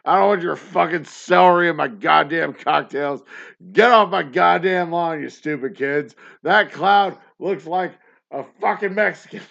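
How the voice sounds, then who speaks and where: A tipsy man voicing a cranky old man who curses and yells at kids to get off his lawn. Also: on the high side, a little slow, vocal fry, muffled recording, voice pushed up. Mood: cranky, ranting. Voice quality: cursing, bellowing.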